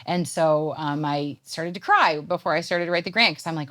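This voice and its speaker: A Canadian woman in her thirties chats as an interview guest. Her voice sits a little low, and she rambles along with plenty of fillers and restarts. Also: brisk, few pauses, fairly bright tone. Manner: chatty, rambling with many fillers. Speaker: poet and guest. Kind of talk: casual interview chat.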